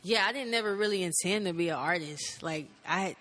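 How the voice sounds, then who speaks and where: A woman's voice: lowish voice, a little fast, fairly bright tone. A woman in her thirties from North Carolina, a musician guest telling her story in a laid-back way, filling it with "like" and acting out old conversations. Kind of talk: casual storytelling.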